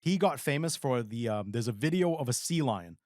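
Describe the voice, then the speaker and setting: A man's voice: medium pitch, expressive, fairly quick, darkish tone, no echo, studio quality. A man in his forties co-hosting a podcast in casual chat, earnest and easily moved. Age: 40s. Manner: earnest, easily moved, acts out quoted voices. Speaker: podcast co-host.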